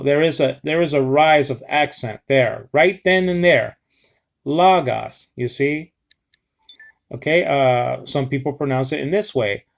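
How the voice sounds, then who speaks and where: A man teaching biblical Greek in a casual spoken lesson, halting often with fillers and restarts and checking in with "okay". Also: medium pitch.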